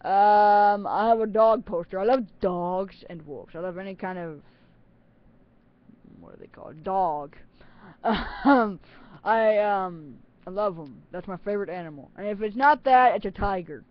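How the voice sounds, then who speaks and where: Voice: medium pitch, unhurried, no room sound, dull audio. A teenager talking casually into a webcam on their own channel, rambling and giggling with plenty of self-mocking asides. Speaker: channel host.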